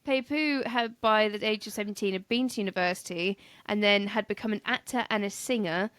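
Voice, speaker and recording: A woman's voice: medium pitch, fairly quick, a bit bright, clear, resonant tone, no room sound. A woman co-hosting a casual history podcast, teasing her partner, laughing often and stumbling over names as she tells the story. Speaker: podcast co-host.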